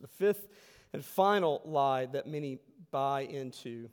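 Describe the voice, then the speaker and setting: A man preaching a sermon as pastor, telling stories and swinging between loud bursts and hushed, quiet lines. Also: medium pitch, animated, slow, clean tone. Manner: storytelling, swings from loud outbursts to hushed tones. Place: church sanctuary. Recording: long reverb of a church hall.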